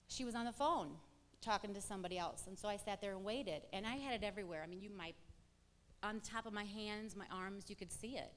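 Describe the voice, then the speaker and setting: Woman giving testimony in a reverberant church. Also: mid-range voice. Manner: animated storyteller acting out quoted exchanges. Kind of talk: personal testimony to a congregation. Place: church hall. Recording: long church hall reverb.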